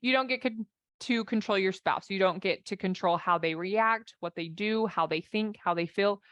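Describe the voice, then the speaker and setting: A woman life and marriage coach giving an animated, conversational talk, acting out inner voices as she goes. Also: mid-range voice, normal speed, no room sound, highs cut off.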